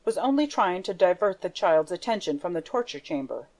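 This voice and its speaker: A woman narrating an audiobook in a measured storytelling manner. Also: fairly low pitch, very animated, a little mellow. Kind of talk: scripted narration.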